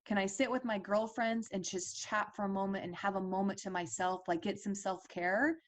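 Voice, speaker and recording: A woman's voice: medium pitch, steady tone, normal speed. Earnest woman telling a personal story. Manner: earnest, conversational, with many fillers and restarts. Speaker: parent advocate speaker.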